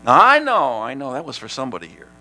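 A man preaching a sermon as pastor, animated, sometimes shouting, and laughing with his congregation. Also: medium pitch, fast, poor audio.

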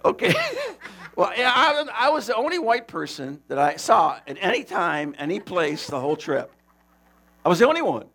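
Gravelly man telling a mission story. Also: a little high, brisk. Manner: animated, laughing, rambling with restarts. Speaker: missionary preacher. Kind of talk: casual storytelling testimony.

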